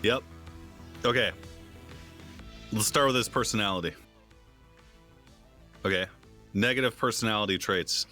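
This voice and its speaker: A man's voice: on the low side, measured pace, pauses often, pushed and bright, soft background music. A man playing in a tabletop game, making up his character in loose, joking voice chat. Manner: joking, giggly. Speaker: player. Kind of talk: casual voice-chat banter.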